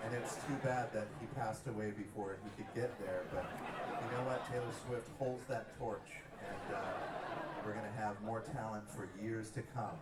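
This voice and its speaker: A man's voice: on the low side, fairly even intonation, normal speed, very noisy. A man doing live stage banter with a crowd in a playful, absurd, mock-serious way. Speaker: comedian-musician on stage. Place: concert stage before an audience. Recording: echoey live venue, far mic, loud crowd.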